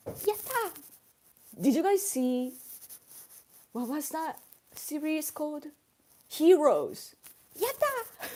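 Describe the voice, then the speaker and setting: Japanese-accented female streamer, English is a second language, bouncy intonation, unhurried, laughs a lot. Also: high-pitched, mellow, slight background noise. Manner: chatty, laughs often, acts out examples. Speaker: livestream host reading chat. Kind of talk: casual chat.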